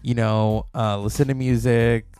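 A man's voice: medium pitch, little pitch movement, measured pace, a little mellow, smooth, no room sound, soft background music. A man hosting a casual solo podcast, rambling and gossipy, recorded close to the mic at home. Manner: rambling, gossipy, puts on mocking voices for quotes. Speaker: podcast host. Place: indoors at home. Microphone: mic close to the mouth.

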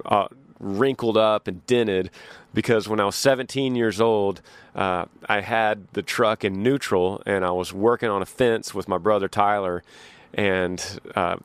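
A Texan podcast host tells stories in a casual, rambling, folksy way, often restarting his sentences. His voice sits on the low side, and the recording is dry.

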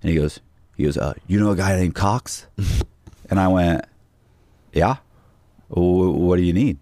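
Low-voiced man telling a rambling story. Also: unhurried, mellow, dry recording. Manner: rambling, restarts, acts out quoted dialogue. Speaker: podcast guest. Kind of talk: casual storytelling.

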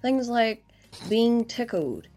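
A woman's voice: on the high side, sing-song, takes it slowly, warm tone, faint music behind. A New woman telling a wry story about how men show affection. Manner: wry, conversational, exasperated fondness. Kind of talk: recorded storytelling segment.

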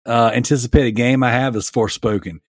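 A man's voice: mid-range voice, fairly even intonation, brisk, dry recording, clean studio sound. A man in his thirties telling a long, exasperated story in a casual podcast chat. He rambles and restarts his sentences often. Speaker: podcast panelist.

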